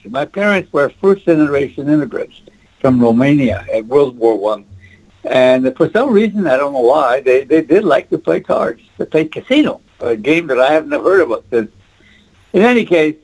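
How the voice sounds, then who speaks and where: A man's voice: medium pitch, darkish tone, poor audio. A man in his eighties from French Canada, whose first language is French, telling rambling stories as an interview guest. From French Canada, Quebec. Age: 80s. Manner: rambling, reminiscing, chuckling. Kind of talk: casual interview storytelling.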